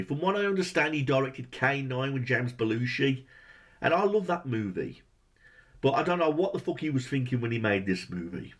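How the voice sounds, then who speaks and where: Brief: male reviewer, higher voice, profane exasperated rant full of rhetorical questions. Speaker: movie reviewer. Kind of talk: profane ranting movie review.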